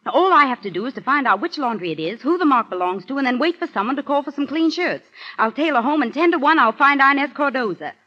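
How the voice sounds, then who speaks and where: An actress playing a sharp, self-assured young female newspaper reporter in a 1940s radio drama, quick and teasing. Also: sits high, lively intonation. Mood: eager. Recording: dull old radio broadcast with music.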